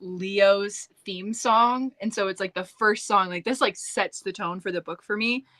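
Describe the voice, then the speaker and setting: A woman's voice: medium pitch, a little slow, fairly bright tone. A woman co-hosting a live writing stream, chatting casually in a bubbly, gushing way and laughing often. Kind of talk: casual chat.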